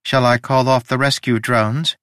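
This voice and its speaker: A man's voice: medium pitch, steady tone, moderate pace, fairly bright tone, clean tone, no room sound, studio quality, lightly acted. A man voicing a polite, formal, literal-minded male ship AI in an audiobook, precise and courteous. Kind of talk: audiobook character reading.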